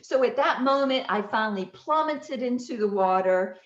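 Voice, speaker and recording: A woman hosting a podcast, telling a personal story with lively laughter and acted-out voices. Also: fairly high pitch, normal speed. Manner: animated, laughs often, acts out voices. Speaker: podcast host. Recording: roomy, slightly dull audio.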